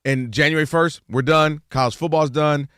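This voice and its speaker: A man co-hosting a sports radio show, talking in a quick, emphatic way. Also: a little high, fairly even intonation, a bit bright, smooth, dry recording, clean studio sound.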